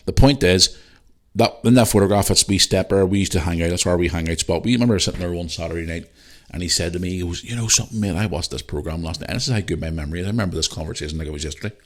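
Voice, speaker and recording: A middle-aged man hosting a podcast, ranting bluntly and heatedly with lots of swearing. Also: deep voice. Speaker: podcast host. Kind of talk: casual ranting monologue.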